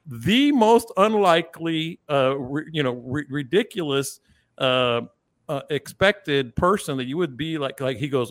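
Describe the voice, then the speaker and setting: A man in relaxed podcast chat with a mid-range voice, telling a story and quoting his own surprised reactions. The sound is dry and close to the mic. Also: normal speed, dry recording. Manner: animated storyteller, jumps up in pitch for quoted reactions. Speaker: podcast co-host. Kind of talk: casual chat.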